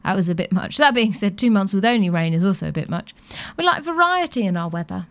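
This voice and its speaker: Woman, young adult, radio host, casual chat, playful, middle pitch. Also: expressive, fast talker. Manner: chatty and playful, with light laughs.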